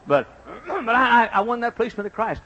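An older man preaches with a husky, breathy edge to a voice that sits high for a man. He swings between fervent, shouted exhortation and quiet, homely storytelling, and tosses folksy jokes to his congregation. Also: expressive, fast talker, poor audio. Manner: folksy, joking asides to the congregation. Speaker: pastor. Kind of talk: sermon.

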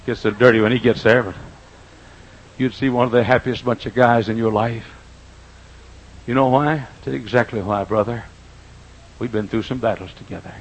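Husky older preacher, quiet to booming. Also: male voice, fairly even intonation, muffled recording. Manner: folksy preaching, swings from quiet to loud and drawn-out. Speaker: pastor. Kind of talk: sermon. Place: church auditorium.

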